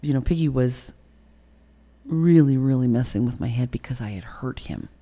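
A middle-aged woman being interviewed, recounting painful personal memories in a candid, emotional and halting way. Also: rumbling low, expressive, warm tone. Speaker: interview guest.

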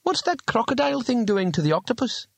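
A man putting on a brisk, sensible young woman. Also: extremely high pitch, very animated, vocal fry, no room sound, pitched above the performer's own voice, full character voice. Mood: curious. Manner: practical, matter-of-fact. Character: sharp-witted young woman.

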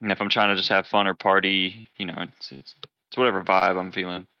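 Casting: man, low and bright, blunt and sweary, podcast co-host, dry close sound. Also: level tone, a little fast, creaky, no room sound, highs cut off. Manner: blunt, profane, laughs often. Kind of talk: casual chat.

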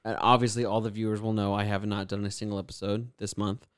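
A young man hosting a casual podcast chat, relaxed and rambling with lots of fillers. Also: fairly low pitch, quick pace, smooth, no echo, studio quality. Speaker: podcast host.

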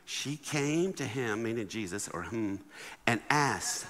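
Lively man preaching in a hall. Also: a little high, a little slow. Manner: animated, acts out the people in his stories. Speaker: guest speaker. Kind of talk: humorous sermon storytelling. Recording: long hall reverb.

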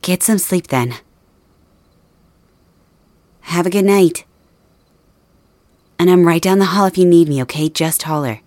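A woman voicing a protective young female friend in an ASMR role-play, talking softly and reassuringly straight to the listener. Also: on the low side, a little slow, pauses often, no room sound, close to an everyday voice. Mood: worried. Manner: soft, reassuring, addresses listener directly.

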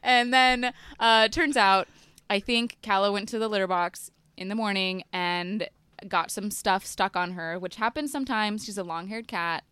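Bright animated woman telling stories. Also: medium pitch, normal speed, clean tone, dry recording. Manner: animated storyteller, laughs often. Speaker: podcast co-host. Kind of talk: casual storytelling chat. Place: boat.

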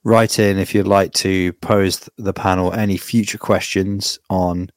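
A man's voice: sits low, fairly even intonation, unhurried, no room sound. A man hosting a podcast, wry and dry, steering the segments in casual chat. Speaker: podcast host.

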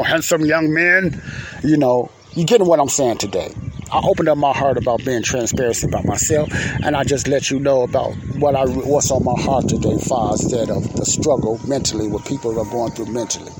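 A man's voice: medium pitch, a little hiss or hum. Folksy, preacherly podcast man. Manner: folksy, preacherly, repeats phrases for emphasis. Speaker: podcast host. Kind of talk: casual faith-based advice monologue.

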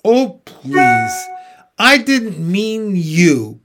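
A man's voice: high voice, sing-song, extremely slow, a bit bright, faint music behind, full character voice. A man reading a storybook aloud and voicing an earnest, well-mannered young girl who is eager to explain herself. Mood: apologetic.

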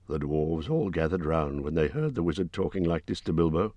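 A man narrating an audiobook in a steady, measured reading. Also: extremely low pitch, no room sound. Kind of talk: scripted narration.

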